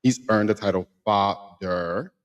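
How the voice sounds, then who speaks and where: A man in his thirties, a podcast co-host, telling a personal story in casual conversation, emphatic and animated, repeating phrases for effect. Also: lowish voice, a little slow.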